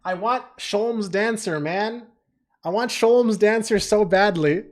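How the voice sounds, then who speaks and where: A man's voice: high-pitched, takes it slowly. A man streaming a game, chatting casually with a self-mocking tone and frequent swearing. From Canada. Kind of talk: gameplay commentary.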